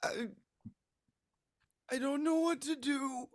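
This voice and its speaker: A man voicing a small, frightened rabbit-folk boy in a tabletop game, with a squeaky, scared voice. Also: fairly even intonation, slow, dry recording, studio quality.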